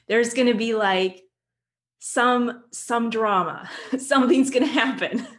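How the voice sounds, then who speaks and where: A woman guest who works with children, explaining her work in an animated way and telling stories. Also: a little high, takes it slowly. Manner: animated storyteller, acts out quotes. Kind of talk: conversational explanation with anecdotes.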